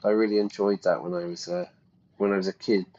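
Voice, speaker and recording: Man host, slightly low voice, playful game chatter, muffled sound. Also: sing-song, fast, dark tone. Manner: chatty, playful, thinks aloud. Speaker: teacher playing a game for learners. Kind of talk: casual game commentary.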